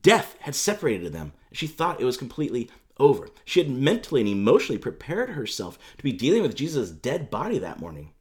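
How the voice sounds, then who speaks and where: A man's voice: mid-range voice, huge pitch swings, quick pace, few pauses. A man preaching a sermon as pastor, telling the story in a conversational, emphatic way with casual fillers.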